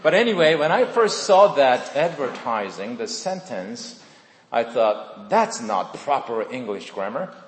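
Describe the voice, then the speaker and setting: Korean-accented pastor in an echoey hall. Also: male voice, medium pitch, big pitch swings, measured pace, slight background noise. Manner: warm, self-deprecating, chatty asides. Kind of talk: sermon. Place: church sanctuary. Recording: echoey hall with long reverb.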